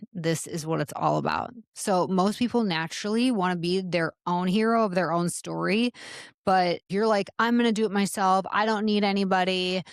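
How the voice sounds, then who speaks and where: A middle-aged woman speaks earnestly to her listeners, encouraging them like a coach. Her voice sits a little low for a woman. The sound is dry and close, with no room around it. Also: creaky, no room sound. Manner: earnest and encouraging, addresses listeners as "you guys". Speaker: podcast host and salon business coach. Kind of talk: motivational talk.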